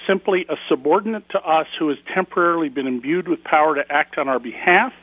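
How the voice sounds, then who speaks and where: A man's voice: a little high, quick pace, dry recording. A man, a guest author giving emphatic, indignant commentary in a radio interview over a phone line.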